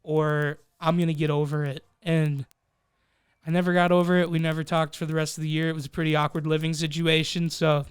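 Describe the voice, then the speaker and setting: Fairly quick and on the high side, this young man's voice is clear and resonant. As a podcast co-host, he tells a story casually among friends, cursing freely and animatedly acting out what people said. The recording is dry with clean studio sound.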